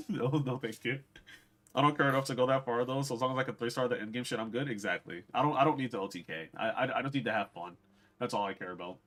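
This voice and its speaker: A man's voice: medium pitch, very fast, fairly bright tone. A young man streaming a video game, chatting bluntly and with swearing to his viewers as he plays. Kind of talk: casual gameplay commentary.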